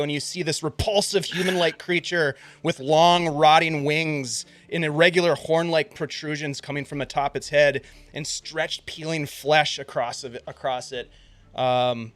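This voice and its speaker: A man narrating as game master of a tabletop game, with quick relaxed asides between scene descriptions. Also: on the high side, no echo.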